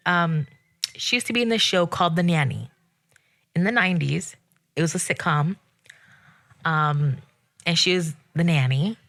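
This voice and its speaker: A woman talks on her own show in a loose, sassy rant, her voice bright and forceful. She sounds exasperated and animated, jumping up in pitch when something annoys her. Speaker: podcast host. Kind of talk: casual solo rant.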